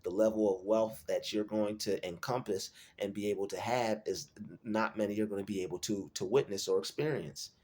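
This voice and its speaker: Male host, lowish voice, earnest solo motivational talk that repeats points to drive them home. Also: steady tone, fairly quick, darkish tone. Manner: earnest, repetitive, restates lines for emphasis.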